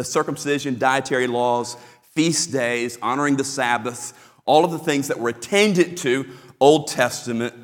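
A man preaching a sermon as pastor, explaining a passage with emphatic repetition. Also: medium pitch. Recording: long hall reverb.

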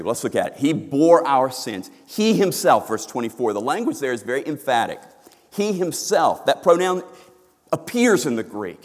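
A man preaching a sermon, swinging from hushed, low lines to loud, emphatic ones. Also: big pitch swings, normal speed. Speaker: pastor. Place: church sanctuary. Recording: long reverb of a church hall.

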